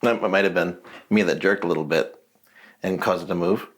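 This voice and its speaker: A man's voice: low voice, steady tone. Hesitant man investigator. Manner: halting, hesitant, often restarting sentences. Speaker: paranormal investigator. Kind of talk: casual chat during a ghost investigation.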